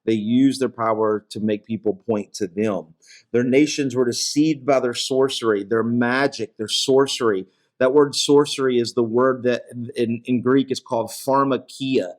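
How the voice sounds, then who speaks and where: A man teaching through a Bible chapter verse by verse in a relaxed, conversational way, with many fillers and check-ins, and his voice drops low on solemn lines. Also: normal speed.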